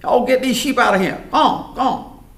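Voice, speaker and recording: A man voicing a gang of bossy roughneck shepherd boys, shouting them down. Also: very high voice, moderate pace, voice pushed up. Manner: shouting, bullying drawl. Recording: roomy hall, mic far off.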